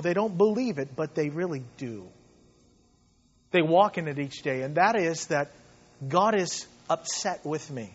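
A man preaches a sermon with fervent, swinging delivery, going from hushed and low to loud and pressing. His voice sits high for a man. The recording is a little dull and lo-fi. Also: husky. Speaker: pastor.

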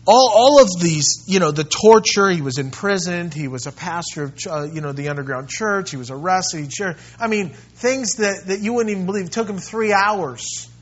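A fairly high-voiced man preaches to his church, telling a story with heat that swells loud and then sinks to a hush. The recording is muffled and lo-fi. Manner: passionate storytelling, rises loud then drops soft. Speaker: pastor. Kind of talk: sermon. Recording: dull lo-fi sound.

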